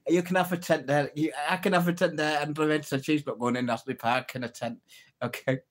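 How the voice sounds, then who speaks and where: A man's voice: on the high side, steady tone, brisk. Chatty man telling jokes. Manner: chatty, laughs at own jokes, reads out comments. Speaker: livestream host. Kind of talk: casual live-stream chat telling jokes.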